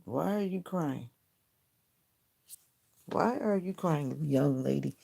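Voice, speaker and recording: A woman's voice: sits low, lively intonation, slow, creaky, warm tone. A woman hosting a late-night livestream from home, praying and then chatting directly with her viewers, often repeating her questions to them. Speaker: livestream host. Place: home, lit by a ring light.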